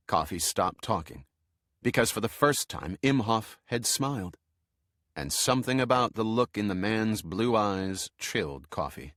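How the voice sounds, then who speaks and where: A man narrating an audiobook in a measured, steady way. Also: lowish voice, no room sound, studio quality.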